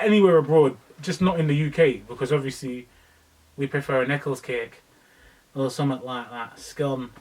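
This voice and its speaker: A young man, co-hosting a podcast in casual chat, telling stories in lively slang. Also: mid-range voice, far from the mic, poor audio. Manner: slangy, animated storytelling. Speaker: podcast co-host.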